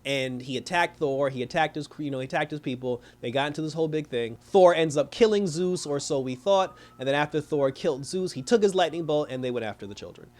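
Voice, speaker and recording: A man with a somewhat high voice reviews a movie in a loose, slangy recap. He curses freely and slips into quick impressions of the characters. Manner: animated, slangy, profane, retells scenes with quoted voices. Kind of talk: casual plot recap.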